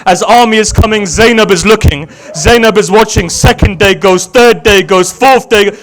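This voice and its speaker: A man who is a religious scholar tells a sacred story in an emotional sermon. He acts out each figure's words and often drops to a hushed voice. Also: high voice, normal speed, rough recording. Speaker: Shia religious scholar giving a majlis. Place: religious center gathering hall.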